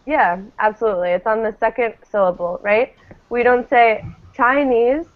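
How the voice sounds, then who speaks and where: A woman's voice: medium pitch, normal speed. A woman teaching English pronunciation to a class, patiently modelling each word for students to repeat. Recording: tinny phone-like classroom recording.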